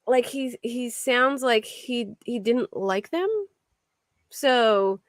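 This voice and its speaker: Speaking extremely slowly in a slightly high voice, a woman runs a true crime livestream and responds to what viewers write in. Her talk is loose and rambling, full of restarts and fillers. The sound is clean studio audio with no room sound.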